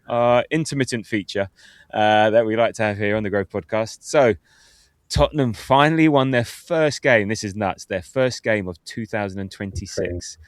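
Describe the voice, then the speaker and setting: A man, hosting a casual football podcast, chatty and quick to laugh as he reads out listener comments. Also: fairly low pitch, no echo, clean studio sound. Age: 50s. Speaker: podcast host.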